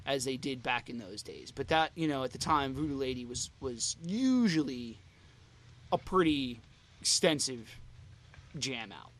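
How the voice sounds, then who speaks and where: A man's voice: medium pitch, animated, measured pace, fairly bright tone. A man co-hosting a fan podcast, chatting casually and rambling with lots of "you know" and "like" fillers. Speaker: podcast co-host.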